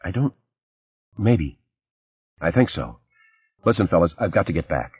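Brisk guarded press lady in her 30s, guy reading her, kinda hushed, husky, dry sound. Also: sits low, sing-song, no echo, heavily acted. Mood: guarded urgent. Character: brisk female press secretary, thirty-five. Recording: slightly dull, dry recording.

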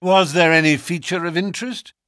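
A man's voice: sits high, fairly even intonation, a little fast, a bit bright, no echo, studio quality, pitched above the performer's own voice. A man voicing a keen, thoughtful detective who muses and probes. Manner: probing, thoughtful musing. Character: sharp, thoughtful male detective, keen and probing.

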